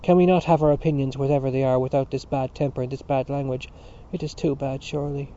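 A man's voice: medium pitch, fairly even intonation, fast talker, warm tone, natural voice. Male reader doing a soothing old uncle, muffled lo-fi sound. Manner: mild and soothing. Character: mild, elderly peacemaking uncle.

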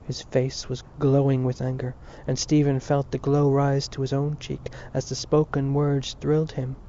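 A man reading a novel aloud as narrator, in a measured, expressive way. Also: medium pitch, slight background noise. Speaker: audiobook reader. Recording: dull lo-fi recording.

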